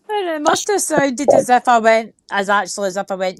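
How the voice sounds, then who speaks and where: A middle-aged Scottish woman with a broad Ayrshire accent, who tells stories bluntly and swears freely. Her voice sits at an ordinary pitch. It is recorded close and dry, with no room sound. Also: lively intonation, brisk, dry recording. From Scotland. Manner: blunt, sweary, laughing storyteller. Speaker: stream co-host. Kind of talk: casual chat. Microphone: online stream mic.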